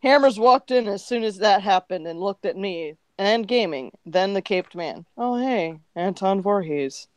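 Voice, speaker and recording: A woman's voice: medium pitch, animated, moderate pace, few pauses, a little mellow, no room sound. A woman co-hosting a podcast, reading crude fan fiction aloud for laughs and giggling through it. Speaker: podcast co-host.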